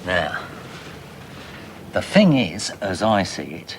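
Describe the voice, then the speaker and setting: A man's voice: low voice, very animated, slow, soft background music, full character voice. A man playing a blustering father who schemes to make money from the family dog.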